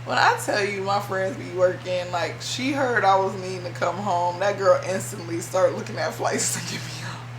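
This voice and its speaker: A woman's voice: on the low side, normal speed. A young woman vlogging, telling a personal story in an emotional, rambling way with many fillers. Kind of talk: casual storytelling. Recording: echoey room with faint hum.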